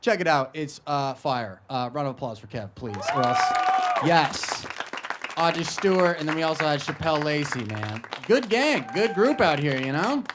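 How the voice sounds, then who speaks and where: A man doing a stand-up comedy set on a stage microphone, brash and profane, jumping into loud high-pitched voices for his bits. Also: big pitch swings, normal speed, few pauses, a loud crowd, very noisy. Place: live comedy show. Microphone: handheld stage microphone.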